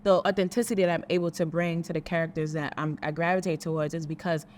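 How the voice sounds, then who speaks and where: Animated Brooklyn woman, lowish voice. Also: fast talker, a little hiss or hum. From Brooklyn, New York. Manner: animated storyteller, voices quotes. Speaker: actress and guest. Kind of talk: casual conversation. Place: outdoors on a city street.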